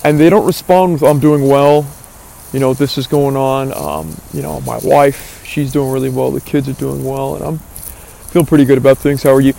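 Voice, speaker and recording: A man's voice: medium pitch, normal speed, creaky, mellow, slight background noise. A man giving an earnest, philosophizing monologue, thinking aloud with asides and fillers. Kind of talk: reflective motivational monologue.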